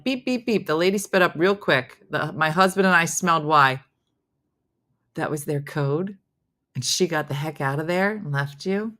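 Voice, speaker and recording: Middle-aged woman host with a lowish, bright voice; chatty, animated, does voices in her stories. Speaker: morning show host reading viewer comments. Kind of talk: casual chat with storytelling.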